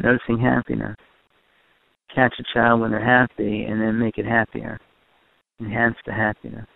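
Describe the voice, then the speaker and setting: A man's voice: on the low side, creaky, no echo, narrow, tinny audio. A man giving a recorded lecture to a group on family and parenting, repeating and rephrasing his points for emphasis.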